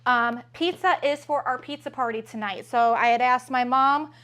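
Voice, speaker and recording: Bubbly mom vlogger rambling thru her grocery haul, kinda high voice, lots of ums. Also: normal speed, fairly bright tone. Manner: chatty, upbeat, many fillers. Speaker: mother and family vlogger. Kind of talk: casual grocery haul vlog.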